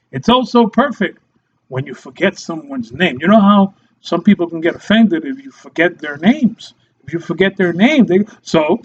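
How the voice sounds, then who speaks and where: A man with a high, light voice delivers a mock-serious satirical rant, taking his time over every line. He is sarcastic and keeps slipping into laughter and quick put-on voices. The recording sounds dull and lo-fi. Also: animated, darkish tone. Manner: sarcastic, often breaks into laughter; acts out short quoted voices. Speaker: satirical commentator.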